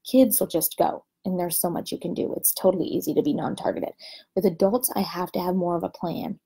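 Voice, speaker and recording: Woman Spanish teacher from New Orleans, husky mellow voice with some fry, chatty and emphatic on a live stream. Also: on the low side, brisk. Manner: animated, emphatic storytelling. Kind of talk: casual live-stream chat.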